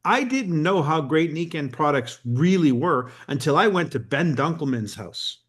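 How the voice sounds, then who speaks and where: Emphatic, animated middle-aged man. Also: a little high, normal speed. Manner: animated, emphatic, acts out quotes. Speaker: co-host of a network marketing call. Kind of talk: motivational storytelling on a call.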